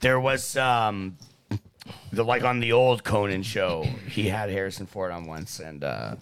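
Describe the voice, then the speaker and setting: A man hosting a casual podcast, telling jokes and stories in an animated way and swearing freely. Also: lowish voice, a little slow, clear, resonant tone. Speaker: podcast host.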